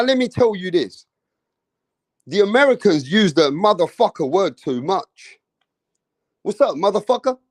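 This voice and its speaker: An English man hosting a boxing live stream, chatting loosely with his viewers in a joking way and swearing often. His voice sits slightly high, and it is recorded on a close mic with a dry, dead sound. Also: no echo. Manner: casual, joking, swears freely, addresses viewers. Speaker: boxing channel host.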